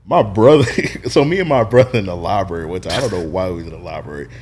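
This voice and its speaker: A man co-hosting a casual podcast chat, telling lively stories and mimicking the people he quotes. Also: low-pitched, fast, husky. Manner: animated storyteller, mimics voices loudly when quoting. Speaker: podcast co-host.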